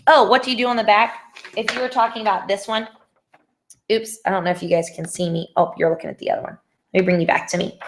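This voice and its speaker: A woman's voice: medium pitch, fairly bright tone. Friendly teacher woman, full of ums. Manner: frequent "um" fillers, friendly and patient. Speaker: Spanish teacher. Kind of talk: online class review session. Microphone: computer mic on a video call.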